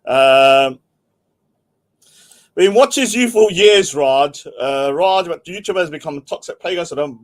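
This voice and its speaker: Guy hosting his stream, rambly and jokey, voice a bit high and bouncing all over. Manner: rambling, jokey, reads chat aloud. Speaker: livestream host. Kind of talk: casual livestream chat.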